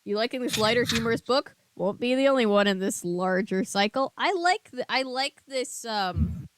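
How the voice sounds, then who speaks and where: A woman's voice: fairly high pitch, animated, normal speed. A woman hosting a casual book discussion podcast, chatty and giggly, often trailing off into fillers. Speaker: podcast host.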